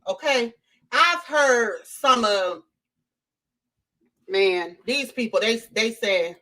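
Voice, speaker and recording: A woman hosting a casual live-stream, talking straight to her chat in an animated way and repeating her points for emphasis. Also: a little high. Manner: animated, repeats herself, addresses chat directly. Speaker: livestream host.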